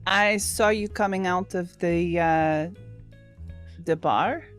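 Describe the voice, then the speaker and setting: A clumsy male police inspector with a put-on French accent fumbles through an interrogation, played by a woman. He talks in a fairly low voice, stalls and circles back often. It is tabletop role-play. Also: faint music behind. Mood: probing. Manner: halting, meandering interrogation with many pauses.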